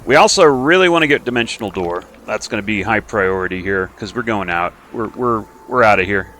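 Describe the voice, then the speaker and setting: With a lowish, fairly bright and animated voice, a little fast, this streamer talks through his strategy game, joking at his own expense and thinking aloud. He throws in playful silly noises and repeated sound effects; there's slight hiss or hum.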